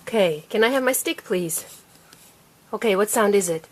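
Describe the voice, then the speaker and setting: A woman teaching her young child to read at home, patient and coaxing, sounding out letters slowly and repeating them. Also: medium pitch, lively intonation. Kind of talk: home reading lesson.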